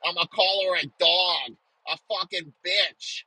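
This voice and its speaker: A man's voice: sits high, fairly even intonation, unhurried, bright, forceful tone, breathy edge, dry recording, poor audio. A man delivering an aggressive comedic rant, swearing nonstop and hurling insults.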